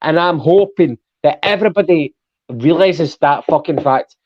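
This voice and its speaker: A man's voice: fairly high pitch, moderate pace, dull audio. A Scottish man ranting in a casual football podcast, swearing constantly and waffling, a few drinks in. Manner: sweary, rambling rants. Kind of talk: casual post-match chat.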